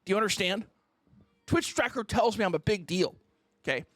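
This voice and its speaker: A man's voice: high-pitched, lively intonation, moderate pace, fairly bright tone, no echo. A man streamer ranting on a casual livestream, mock-indignant and theatrical, who keeps asking "okay?".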